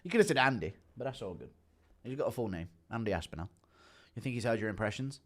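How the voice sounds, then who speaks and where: A man's voice: fairly low pitch, expressive, fast. A man streaming live, chatting casually and laughing often as he reads out his chat on a streaming mic. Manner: laid-back, chuckling, reads chat aloud.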